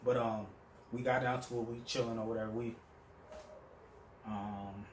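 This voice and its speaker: A man's voice: mid-range voice, fairly even intonation, moderate pace, reverberant, slight background noise. A young man telling a story in a casual, profane monologue, acting out the people he quotes. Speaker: vlogger.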